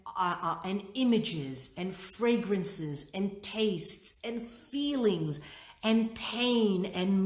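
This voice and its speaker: A middle-aged woman leading a workshop, teaching and telling a personal story in an expressive way, acting out her own thoughts. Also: mid-range voice. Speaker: workshop leader. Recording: roomy echo.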